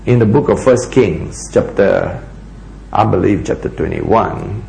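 A man preaching a sermon, asking rhetorical questions and dropping to a hushed voice for emphasis. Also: lowish voice, measured pace, vocal fry, reverberant, a little hiss or hum, rough recording.

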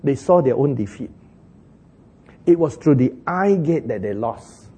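Husky, lively-voiced male preacher. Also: mid-range voice, unhurried. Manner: animated preaching with chuckles and dramatic quotes. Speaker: pastor. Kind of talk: sermon.

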